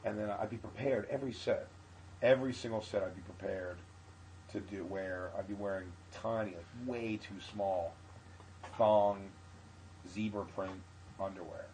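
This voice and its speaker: Low-voiced rambling comedian man. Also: normal speed, a little hiss or hum, rough recording. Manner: rambling, animated, profane. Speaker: comedian guest. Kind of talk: casual storytelling.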